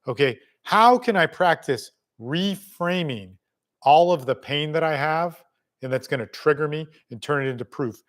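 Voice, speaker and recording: A man's voice: on the high side, lively intonation, normal speed, fairly bright tone. A middle-aged man coaching people on family court in a blunt, casual spoken lesson, swearing freely and talking straight to the listener.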